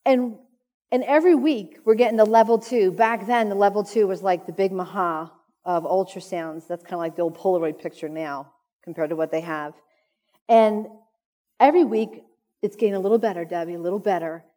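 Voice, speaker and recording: A woman's voice: mid-range voice, fairly quick, warm tone. Earnest woman testifying in an echoey hall. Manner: earnest, emotional storytelling. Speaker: conference speaker. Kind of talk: personal testimony talk. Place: conference hall.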